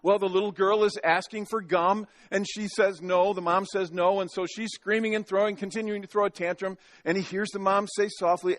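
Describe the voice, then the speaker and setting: A man's voice: sits high, a little fast, a bit bright, no echo. A male pastor preaching a sermon in a church, folksy and joking, often restarting his sentences. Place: church sanctuary.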